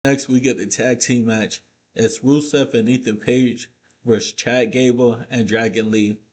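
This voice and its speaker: A man talks through a wrestling episode in a loose, casual vlog. He swears often and slides from plain recap into animated, heated rants. His voice sits at an ordinary middle pitch. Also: a little slow. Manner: profane, ranting, animated asides. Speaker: wrestling show reviewer.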